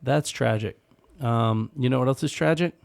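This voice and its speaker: A man with a warm, dark voice hosts a podcast, recorded dry and close. He laughs easily and keeps the chat moving with follow-up questions. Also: mid-range voice, moderate pace, gravelly, dry recording. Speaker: podcast host. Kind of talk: casual comedic chat.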